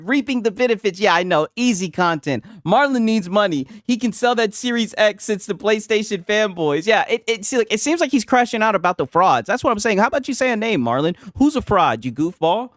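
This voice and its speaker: A man's voice: sits high, animated, moderate pace, few pauses, fairly bright tone, no echo, clean studio sound. A man streaming casual reaction commentary, laughing and swearing as he mocks a clip. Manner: profane, laughing, mocking.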